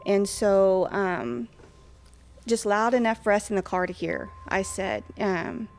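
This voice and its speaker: Woman telling a ghost story, creaky gravelly voice, chatty with lots of ums. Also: mid-range voice, measured pace, a little mellow. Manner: chatty, with frequent fillers and acted-out quotes. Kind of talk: casual storytelling.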